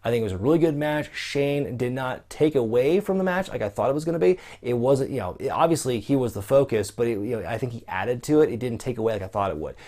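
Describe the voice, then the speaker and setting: A man's voice: mid-range voice, expressive, quick pace, few pauses, a little mellow. A young man giving a casual, chatty solo review of a wrestling event, with lots of asides and fillers.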